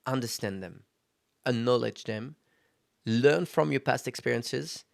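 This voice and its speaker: Gravelly-voiced man hosting a solo podcast. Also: mid-range voice, unhurried, dry recording, clean studio sound. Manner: conversational, self-reflective, frequent fillers. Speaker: podcast host. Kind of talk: casual solo podcast monologue.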